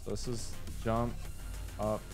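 A man hosting a casual gaming session with a friend, quick to yell and swear when he gets frustrated. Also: lowish voice, completely flat delivery, over music. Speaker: gamer host.

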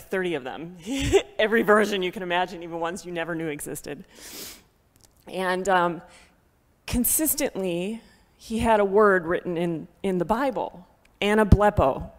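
A woman giving an emotional church testimony into a microphone. She is heartfelt, laughs often and speaks loudly. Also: lowish voice. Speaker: guest speaker sharing a ministry testimony. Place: church sanctuary. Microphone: handheld microphone. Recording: long reverb of a church hall.

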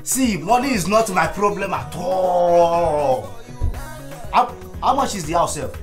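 A man's voice: high-pitched, expressive, slow pace, soft background music. An actor playing a boastful man who brags about money and wheedles favors. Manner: showy, wheedling. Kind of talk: film comedy acting.

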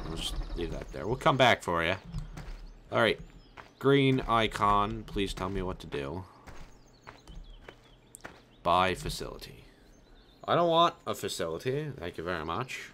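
Slow-talking profane gameplay commentator man. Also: sits low, a little hiss or hum. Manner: excitable, profane, jokey. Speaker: let's play host.

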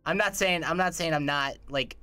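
A man's voice: fairly high pitch, normal speed, pushed and bright, clear, resonant tone, no room sound. A young man chatting on a livestream, rambling, slangy and swearing a lot. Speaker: streamer. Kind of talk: casual livestream chat.

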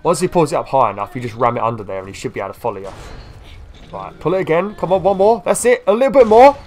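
A man's voice: medium pitch, sing-song, quick pace. A man doing let's-play commentary, swearing and scolding a game creature. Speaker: gaming YouTuber.

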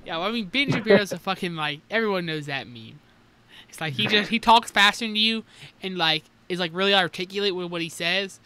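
A young man chats loosely on a podcast, rambling through filler words and crude jokes. His voice sits high and sounds very bright, with a faint hiss of noise under the recording. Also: animated, brisk. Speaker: podcast co-host. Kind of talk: casual chat.

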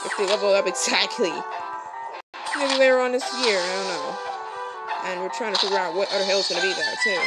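A woman's voice: mid-range voice, fairly even intonation, a little fast, rough recording. A woman giving casual, rambling commentary while she plays a game, giggling and exclaiming often. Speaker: channel host playing a game. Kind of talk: casual let's-play commentary. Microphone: phone screen recording. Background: loud game music.

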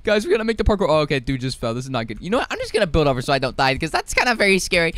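A young man giving excitable, frantic gameplay commentary, often yelping and repeating himself. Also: fairly high pitch, rapid-fire, no room sound. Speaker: gaming youtuber.

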